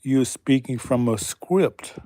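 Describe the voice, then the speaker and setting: A man hosting a slow, deliberate commentary monologue, emphatic and pausing often, asking pointed rhetorical questions. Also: medium pitch, dark tone, dry recording, studio quality. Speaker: channel host.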